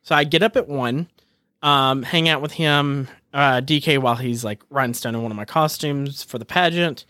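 A woman telling a story in casual chat, animated and acting out the people she quotes. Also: rumbling low, moderate pace, dry recording, clean studio sound.

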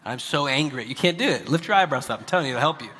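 A male pastor preaching in a church, his voice husky and forceful. He drops to hushed, near-whispered lines and then surges into loud, emphatic preaching, with a long reverb trailing off the hall. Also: on the high side, expressive, very fast. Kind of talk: sermon.

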